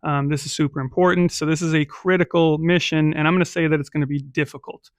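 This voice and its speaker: A man running a solo tabletop game, narrating and rolling dice in a casual, chatty way. His voice sits fairly high for a man. The recording is dry and close, with no room sound. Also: fairly even intonation, fast talker, no echo. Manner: casual, with frequent "right?" and "um". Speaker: game master.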